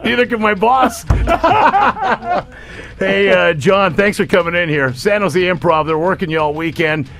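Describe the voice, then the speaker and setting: A man hosts a morning radio show with a high, lively voice. He talks at a slow, drawn-out pace and laughs often. The chatter of other people in the studio sits behind him. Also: creaky. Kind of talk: radio interview banter.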